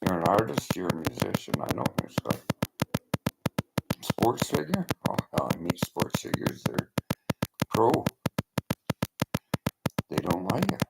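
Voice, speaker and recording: A man's voice: low-pitched, sing-song, a little slow, creaky, pauses often. An older man vlogging in a rambling motivational monologue, often dropping into whispery asides. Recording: loud background noise.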